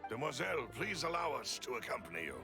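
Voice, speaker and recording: An actor playing a courteous older butler in a video game, speaking in a polite, formal way. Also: male voice, medium pitch, sing-song, quick pace, over music.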